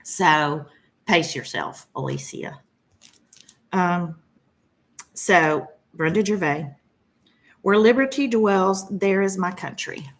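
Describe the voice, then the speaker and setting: A woman's voice: lowish voice, takes it slowly. A middle-aged woman, chatting casually and gushing as she shows off her cross-stitch haul. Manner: chatty and gushing, many fillers. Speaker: flosstube host. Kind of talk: casual chat showing cross-stitch purchases.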